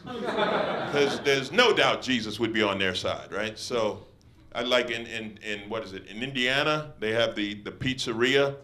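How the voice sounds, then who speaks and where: A man's voice: medium pitch, expressive, measured pace, pushed and bright. A man doing a stand-up comedy set at a small beach house venue, mocking and profane, riffing with the crowd. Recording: live crowd audible. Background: audience laughter.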